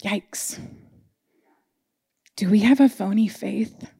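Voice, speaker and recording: A woman's voice: mid-range voice, fairly even intonation, a little slow, dark tone. Woman preacher, earnest and emotional, church sermon, heartfelt testimony. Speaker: church speaker. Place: church sanctuary.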